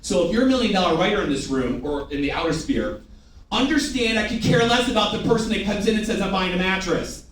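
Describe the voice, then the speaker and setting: A man's voice: high voice, fast talker. A man giving a live sales training to a room of staff, joking and drilling them with call-and-response. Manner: animated, jokey, drills the audience with call-and-response. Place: large room with a live audience. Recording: echoey room, picked up from a distance.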